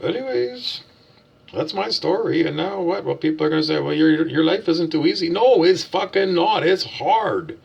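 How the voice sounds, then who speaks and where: A man with a husky, gravelly voice rants like a preacher in a vlog, firing questions at himself and answering them bluntly, swearing freely. His voice sits slightly high for a man. The recording sounds dull and muffled. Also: expressive, normal speed, darkish tone. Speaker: self-styled spiritual teacher. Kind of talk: ranting vlog monologue.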